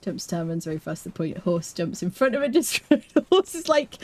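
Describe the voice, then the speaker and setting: A woman's voice: fairly low pitch, very animated, normal speed, hardly any pauses, darkish tone. A woman streaming a survival game, chatting playfully with her viewers and laughing often. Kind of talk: live game commentary.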